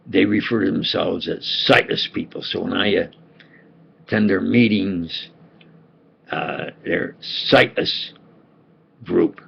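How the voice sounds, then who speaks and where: A man's voice: deep voice, vocal fry, husky. An older man telling a meandering personal story, full of fillers and restarts. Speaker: vlogger. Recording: dull lo-fi home recording.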